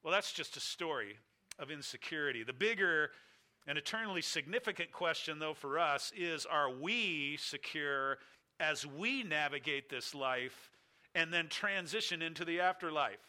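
A man with a very bright, forceful voice delivers a sermon, telling a story in emphatic, piling phrases. His speaking voice sits a little high for a man. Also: animated, moderate pace. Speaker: preacher. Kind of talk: sermon illustration.

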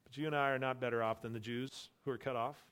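A man's voice: medium pitch, fairly even intonation, fast talker, fairly bright tone, clean tone. A male pastor preaching an expository sermon, emphatic and repeating his key phrases. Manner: emphatic, repeats key phrases, voices imagined boastful believers.

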